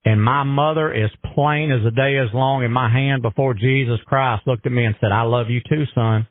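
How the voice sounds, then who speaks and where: A man's voice: medium pitch, steady tone, moderate pace, no room sound. An earnest man talks in a folksy, emphatic way during a heartfelt radio conversation. His voice comes through a thin phone line with no room sound at all. He sits in a comfortable middle register.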